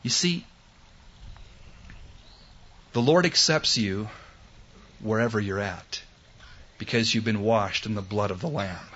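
A male preacher with a bright, forceful voice delivers a sermon slowly and deliberately. He swings from loud, emphatic lines to hushed, tender quotes. The recording is dull and lo-fi. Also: fairly low pitch.

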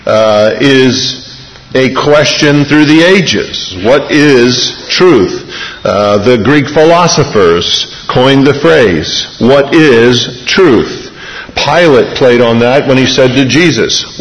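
A man preaching a sermon as pastor, speaking in an earnest, measured way with deliberate pauses. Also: medium pitch. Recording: reverberant hall.

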